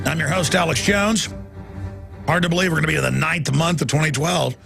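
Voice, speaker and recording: A man's voice: fairly high pitch, fairly quick, over music. A man hosting a talk radio show, delivering an indignant, emphatic monologue. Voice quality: gravelly, raspy.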